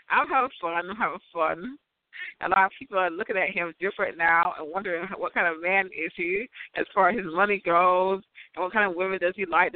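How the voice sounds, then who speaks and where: Giggly high-voiced man on a tinny line. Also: no echo. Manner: giggly, rambling, breaks into high laughs. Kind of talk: rambling casual monologue. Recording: tinny phone-like sound.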